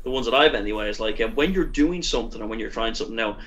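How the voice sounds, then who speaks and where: A man who does stand-up comedy, chatting as a guest and telling stories in a lively way, with lots of fillers. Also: fairly low pitch, very fast. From Ireland. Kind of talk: casual interview chat.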